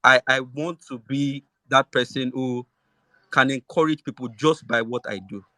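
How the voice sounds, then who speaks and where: A man speaks haltingly, stopping often for ums and restarts. His voice is bright and forceful in tone, though his pitch stays in an ordinary middle range. The sound is dry and close. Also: no echo. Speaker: guest author. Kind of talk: emotional thank-you speech.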